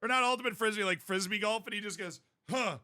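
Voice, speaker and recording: A man streaming a game, chatting casually in a rambling, jokey way with sudden loud outbursts. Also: high voice, quick pace.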